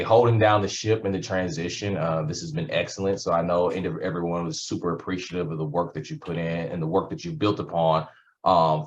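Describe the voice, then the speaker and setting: A man's voice: deep voice, dull audio. A man giving a workshop presentation over a video call, talking conversationally with a sarcastic streak. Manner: conversational, uses sarcasm and analogies.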